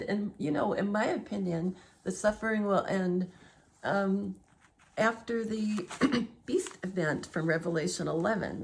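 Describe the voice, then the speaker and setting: A woman's voice: on the low side, vocal fry. A middle-aged woman vlogging at home in a rambling, digressive monologue, laughing often as she talks.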